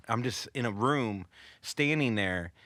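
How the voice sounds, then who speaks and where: A man tells a story in a quick, animated way, full of swearing and laughter, and slips into other people's voices as he goes. His voice is bright and forward, and the recording is close and dry. It sounds like a casual podcast between comedians. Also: medium pitch, no echo. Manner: animated, profane, acts out quoted voices, laughs often.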